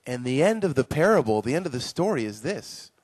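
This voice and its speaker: A man teaching children at a live conference session, animated and playful, praising his young volunteers. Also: medium pitch, a little fast, husky. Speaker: children's ministry speaker.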